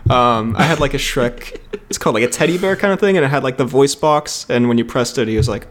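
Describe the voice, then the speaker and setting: This young podcast co-host chats casually in a fast, mid-range voice. He jokes around, swears, and laughs often.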